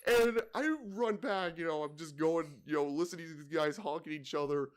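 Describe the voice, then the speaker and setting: A man's voice: on the high side, steady tone, fast, clear, resonant tone. A young man co-hosting a podcast, telling a work story in a rambling way, full of "you know" and "like". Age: young adult. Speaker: podcast co-host. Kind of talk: casual chat, telling work stories.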